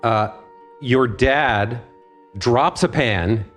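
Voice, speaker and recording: A man's voice: medium pitch, very slow, a bit bright, faint music behind. A man narrating a tabletop game as game master in a loose, conversational way.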